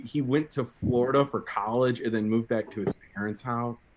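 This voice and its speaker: A man's voice: medium pitch, fairly even intonation, moderate pace, rough recording. A man hosting a casual group chat on a livestream, laughing often and restarting sentences as he tells stories. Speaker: podcast host.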